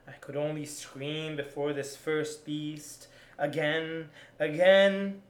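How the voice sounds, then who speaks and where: A performer giving a dramatic poetry reading, chanting and repetitive, rising to shouts. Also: medium pitch, monotone, slow pace, reverberant, slight background noise.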